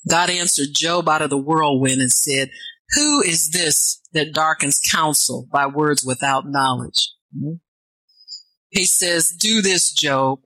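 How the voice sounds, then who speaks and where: A woman's voice: deep voice, lively intonation, slow, dry recording, rough recording. A woman preaching a sermon, reading scripture and answering herself with asides that rise toward fervent calls. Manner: call-and-response asides, rising to fervent near-shouts.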